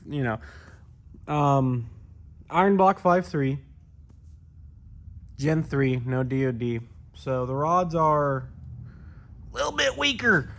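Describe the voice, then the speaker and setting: A man showing his car project in a garage, rambling and joking as he talks to viewers. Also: mid-range voice. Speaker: car builder vlogger. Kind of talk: casual garage walkthrough.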